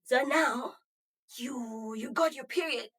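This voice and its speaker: A woman quoting her blunt old grandmother, who gives a brisk, matter-of-fact talk in a high voice. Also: a bit bright, husky, full character voice.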